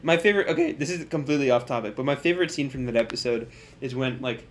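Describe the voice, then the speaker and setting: A man co-hosting a podcast in casual chat, quick to laugh and mostly chiming in with short reactions. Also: mid-range voice, animated, a little hiss or hum. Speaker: podcast co-host.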